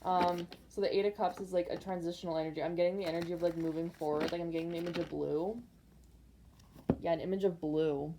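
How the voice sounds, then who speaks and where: A woman's voice: lowish voice, steady tone, fast, noisy background. A woman doing a casual pick-a-card tarot reading, rambling and speaking intuitively to viewers with lots of fillers.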